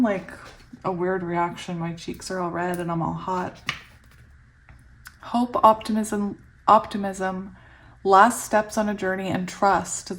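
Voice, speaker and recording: A young woman giving a casual tarot reading, giggly and excitable, often laughing as she reads the cards aloud. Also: mid-range voice. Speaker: tarot reader.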